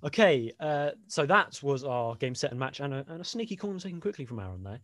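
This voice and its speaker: A man's voice: medium pitch, sing-song, fast talker, a bit bright, no echo, studio quality, faint music behind. A young man co-hosting a casual podcast, reading funny sporting quotes aloud and laughing often. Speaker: podcast co-host.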